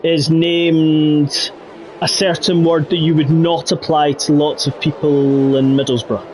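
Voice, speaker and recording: A man giving jokey, excitable live commentary on an online racing league. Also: a little high, unhurried, slight background noise. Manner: jokey, excitable, laughs between calls. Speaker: race commentator.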